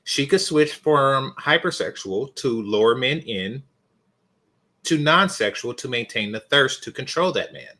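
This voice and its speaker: Mocking man, lively and bright. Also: medium pitch, measured pace. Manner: blunt and mocking, bursting into loud shocked yelps. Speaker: reaction video host. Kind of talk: scornful reaction commentary.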